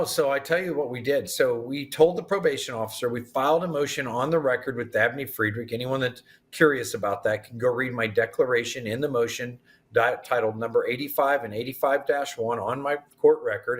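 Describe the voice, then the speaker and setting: A man speaking as an interview guest, telling his story with lively acted-out dialogue. His voice sits at an ordinary middle pitch. He keeps his own retelling flowing as he narrates. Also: brisk. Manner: animated retelling with quoted dialogue.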